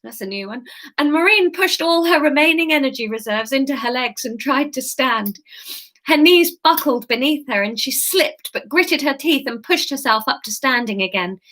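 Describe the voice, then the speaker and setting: A woman's voice: sits high, expressive, moderate pace, bright, forceful tone. A woman hosting an interactive live-stream story, reading it aloud and breaking off for chatty asides to viewers. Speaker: host and storyteller.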